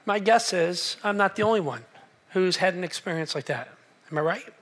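A man's voice: high voice, lively intonation, normal speed, fairly bright tone. A man in his forties, a pastor giving a sermon in a church hall, telling a personal story with humor and speaking to the congregation. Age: 40s.

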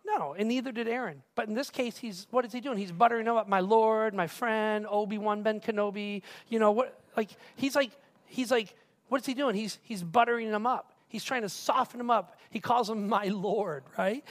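A male pastor preaching a casual, animated sermon who keeps asking the crowd questions. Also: extremely high pitch, a little fast. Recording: reverberant hall.

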